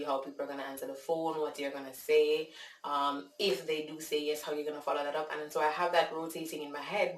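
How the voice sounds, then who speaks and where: A Jamaican woman vlogger telling a casual, animated story, with frequent fillers. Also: low-pitched, slight background noise. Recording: echoey room, distant mic.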